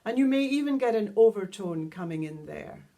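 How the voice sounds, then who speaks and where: A woman teaching a guided vocal toning lesson, calmly explaining each step and singing long vowel tones. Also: mid-range voice, moderate pace. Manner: calm, instructive, demonstrates sustained vowel tones. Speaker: sound healing teacher.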